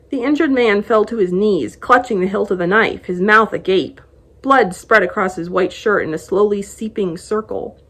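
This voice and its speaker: Woman reading a novel excerpt aloud. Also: mid-range voice. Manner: expressive first-person storytelling. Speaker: book blogger.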